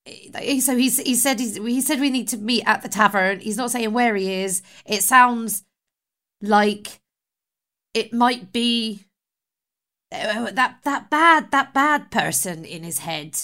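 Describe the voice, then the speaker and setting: A woman playing a tabletop game, chatty and quick, often restarting her sentences. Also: on the high side, pushed and bright. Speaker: player. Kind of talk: casual tabletop play.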